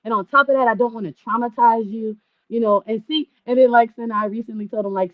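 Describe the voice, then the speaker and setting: A woman, chatting casually with a friend, animated and laughing. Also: a little high, moderate pace, dry recording, lo-fi sound. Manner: animated, laughing, acts out relatives' voices. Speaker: host. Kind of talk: casual chat.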